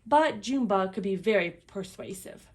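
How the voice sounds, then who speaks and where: A woman reading a children's picture book aloud in an expressive, lively storytelling manner. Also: medium pitch, moderate pace.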